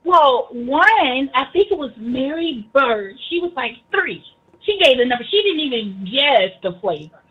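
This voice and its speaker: Brief: high-pitched, husky woman, animated teasing banter, dull lo-fi sound. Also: unhurried. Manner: animated, teasing, laughs often. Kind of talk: casual teasing chat.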